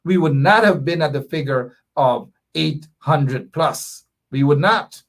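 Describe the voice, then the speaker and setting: Emphatic Guyanese radio host. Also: male voice, a little slow. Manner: emphatic, often adds "right?", swings between loud high bursts and low muttering. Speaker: radio talk show host. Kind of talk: political call-in commentary.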